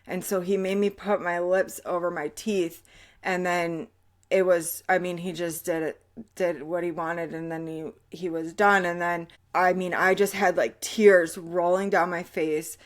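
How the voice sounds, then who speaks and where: A woman hosting her own show and telling her personal story in a candid, slow, halting way that often drops quiet. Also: on the low side, level tone. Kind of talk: personal testimony.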